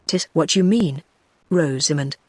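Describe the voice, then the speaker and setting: A woman's voice: sits low, a little slow, husky, no room sound. A text-to-speech voice with a British English accent and a woman's sound, reading the lines of a proud, wronged nobleman, a man pleading and defiant in turn. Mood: reproachful. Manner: even synthetic reading.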